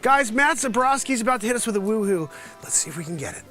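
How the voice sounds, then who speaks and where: A man's voice: high-pitched, expressive, fast, over music. A man hosting his daily livestream, delivering a comedic monologue as a mock news report.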